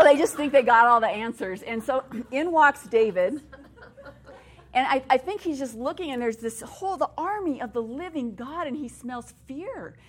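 A middle-aged woman speaking to a women's gathering, telling stories in a chatty, animated way and laughing at her own anecdotes. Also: fairly high pitch. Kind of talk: sermon.

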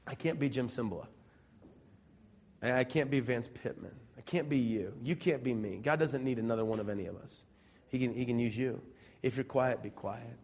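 Speaking in a mid-range voice that runs a little fast, this pastor from Central Illinois delivers a church sermon. His style is chatty, full of rhetorical questions for the congregation, shifting from booming emphasis to quiet asides.

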